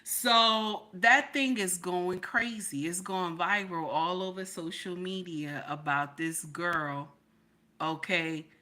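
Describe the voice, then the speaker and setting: A middle-aged woman hosting casual livestream commentary, loud and playful, answering her chat as she talks. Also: on the low side, fairly even intonation, slow.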